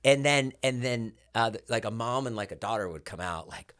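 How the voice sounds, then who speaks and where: A man's voice: mid-range voice, fairly quick, clear, resonant tone, no echo, studio quality. A man in his forties, a podcast guest telling stories in casual chat and acting out what others said. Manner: animated storyteller, acts out quotes loudly.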